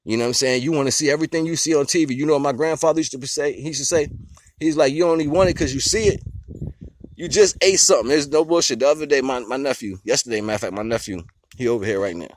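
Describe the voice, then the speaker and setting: A man's voice: medium pitch, rapid-fire, slight background noise. A man in a casual, rambling monologue who chuckles often and explains his ideas with simple everyday comparisons. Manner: laid-back and rambling, with frequent chuckles and constant "you know what I'm saying". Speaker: vlogger sharing life philosophy.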